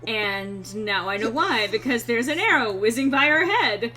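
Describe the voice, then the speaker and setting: A woman streamer chatting casually over gameplay, reading chat aloud, frank and quick to swear. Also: fairly high pitch, expressive, over music.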